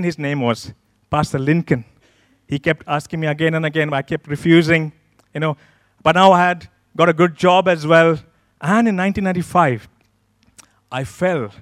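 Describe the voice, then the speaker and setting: A man's voice: on the high side, a bit bright, no echo, studio quality. A male pastor at a church service, telling his own story as a sermon testimony and acting out his past thoughts. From Kenya.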